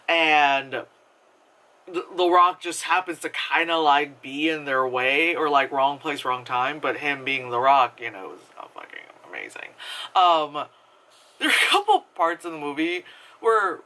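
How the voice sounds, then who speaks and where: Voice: mid-range voice, pushed and bright. A movie reviewer talking into a camera in a casual, rambling vlog review, swearing freely and laughing often. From United States.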